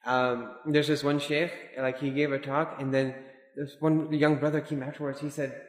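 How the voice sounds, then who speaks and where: A man giving an informal religious lesson, talking in a relaxed, digressive way and dropping in Arabic and Urdu terms. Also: mid-range voice, normal speed. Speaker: Islamic teacher. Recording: echoey hall with long reverb.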